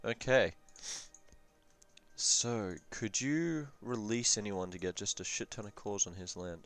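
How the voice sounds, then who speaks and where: A man's voice: on the low side, a little slow, fairly bright tone, soft background music. A young man casually reviewing a strategy game session, rambling with profane jokes and asides. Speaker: gaming commentator.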